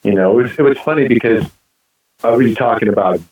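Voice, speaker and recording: A male musician guest telling stories in a casual interview, animated and stumbling over repeated words. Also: mid-range voice, fast talker, highs cut off. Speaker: guest musician, band frontman. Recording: roomy echo.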